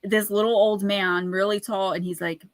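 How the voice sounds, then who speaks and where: A woman's voice: mid-range voice, flat delivery, normal speed, no echo. A woman chatting casually on a livestream, talking straight to her viewers and laughing often while she reads oracle cards aloud. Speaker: livestream oracle card reader and author. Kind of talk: casual livestream chat and card reading.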